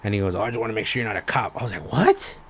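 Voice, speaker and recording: A young man hosting a podcast, telling a story in a profane, animated rant and acting out both sides of the conversations. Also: fairly low pitch, racing, a little hiss or hum. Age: young adult. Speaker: podcast host. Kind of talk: ranting casual storytelling.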